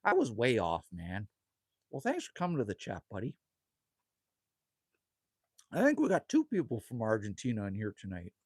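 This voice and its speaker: Husky-voiced man chatting on a live stream. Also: fairly low pitch, huge pitch swings, moderate pace, pauses often, no room sound, clean studio sound. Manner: chatty, laid-back, calls everyone man or buddy. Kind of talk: casual live stream chat, answering viewer comments. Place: outdoors at a rural cabin.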